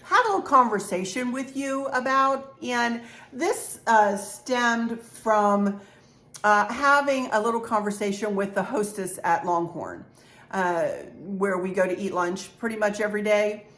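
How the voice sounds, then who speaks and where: A woman's voice: mid-range voice, unhurried. Middle-aged woman, rambling home decor vlogger, encouraging tone. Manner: warm, rambling, encouraging, with many restarts. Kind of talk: chatty haul vlog.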